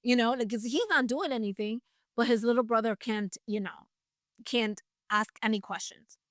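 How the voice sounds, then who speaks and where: Woman Bible teacher, relaxed storytelling with playful asides, a fairly high voice, dry close sound. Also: moderate pace, no room sound. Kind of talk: casual Bible story retelling.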